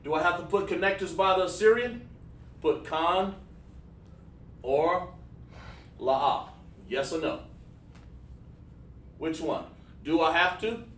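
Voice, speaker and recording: A man's voice: on the high side, slow, long pauses, fairly bright tone. A man teaching a livestreamed class, patiently checking in and praising his students. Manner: patient, checks in with repeated "okay, all right", praises students. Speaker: class instructor. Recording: echoey room, voice far from mic.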